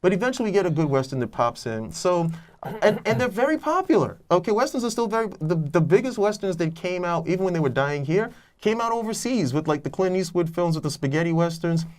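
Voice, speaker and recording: Fast-talking rambling man. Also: high voice, sing-song. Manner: long rambling explanations with many restarts. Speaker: movie review co-host. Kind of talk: casual film discussion.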